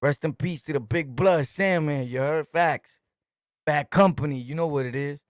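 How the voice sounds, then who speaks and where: A man's voice: fairly high pitch, normal speed, no echo, clean studio sound. A middle-aged man from Brooklyn with a New York accent, hosting a podcast and telling street stories in emphatic slang, laughing often. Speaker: podcast host. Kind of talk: casual storytelling monologue.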